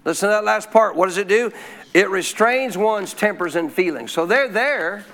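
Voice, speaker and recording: A man with a high voice preaches a sermon to a congregation. He keeps calling out questions for the room to answer and draws out key phrases slowly for emphasis. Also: animated, fairly bright tone. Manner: call-and-response preaching with frequent questions to the congregation; slows to stress key phrases. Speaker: pastor.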